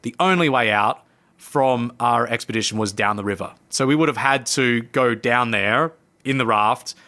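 A man, a podcast guest, telling a personal story in animated conversation and acting out his own past lines. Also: medium pitch, moderate pace. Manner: lively narrator who acts out his own past lines. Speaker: podcast guest, coach and speaker.

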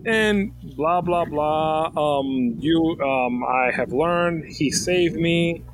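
A man's voice: fairly high pitch, drawn-out words, a little hiss or hum, low-quality recording. A man from the United States co-hosting a film podcast, chatting loosely and animatedly, often jumping into a raised mimicking voice. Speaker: podcast co-host. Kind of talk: casual chat about a film.

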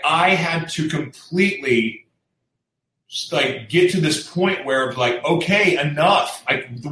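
Host, man, candid storyteller, restarts a lot; bright tone, off-mic in a roomy space. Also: on the high side, distant mic. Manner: earnest, rambling, many fillers and restarts. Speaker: show host sharing his recovery story. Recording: echoey room, voice off-mic.

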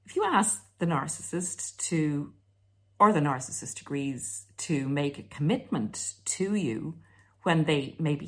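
Low husky woman giving casual advice. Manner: sarcastic, acts out mocking quoted voices. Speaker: self-help video host.

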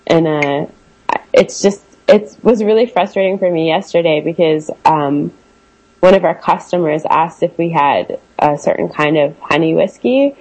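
A chatty woman co-hosting a casual comedy podcast, her voice a little low and husky. She talks easily about her work as a server and laughs often between stories. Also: normal speed, darkish tone, rough recording.

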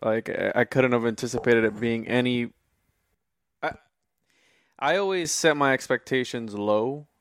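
A man's voice: medium pitch, measured pace, long pauses, no echo, clean studio sound. A man guest on a casual podcast, enthusiastic and rambling, peppering his talk with "bro".

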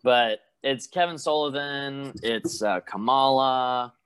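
Casting note: relaxed male co-host, mid-pitched, easygoing banter. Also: slow, clean tone. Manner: laid-back, trailing sentences and agreeing often. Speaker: podcast co-host. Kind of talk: casual chat.

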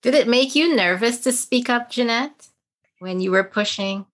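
A woman hosting an interview podcast who responds warmly and asks follow-up questions. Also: on the high side, normal speed. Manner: supportive, affirming listener. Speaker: podcast host. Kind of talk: conversational interview.

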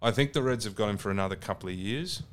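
A man's voice: on the low side, fast talker. An Australian man co-hosting a podcast, chatting about rugby in a blunt, sweary, enthusiastic way. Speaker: podcast co-host. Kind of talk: casual rugby chat.

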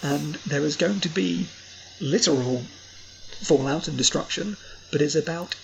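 A man co-hosting a film podcast, opinionated and animated, his voice jumping up in pitch when he rants. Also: moderate pace, vocal fry, slight background noise, poor audio. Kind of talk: casual film review chat.

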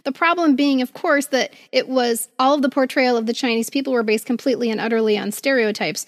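A woman with a fairly high voice recorded close and dry, co-hosting a casual podcast. She leads the conversation and encourages her co-hosts. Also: a little fast, no room sound. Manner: warm, encouraging, leads the talk. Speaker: podcast co-host. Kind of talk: casual chat.

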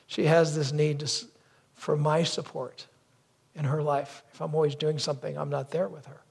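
A man preaching a sermon, telling a story with lively asides and acting out brief voices. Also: fairly high pitch, normal speed, creaky, breathy edge. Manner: storytelling, acts out wife's lines and crow caws. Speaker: pastor.

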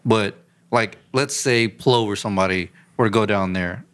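A man's voice: fairly low pitch, moderate pace, fairly bright tone, smooth. A man co-hosting a podcast in casual chat, blunt and argumentative, swearing freely. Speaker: podcast co-host.

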